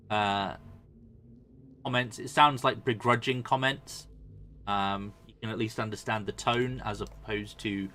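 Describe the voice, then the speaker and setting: A man narrating a tabletop game as dungeon master, in a relaxed, halting way with many fillers. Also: mid-range voice, slight background noise.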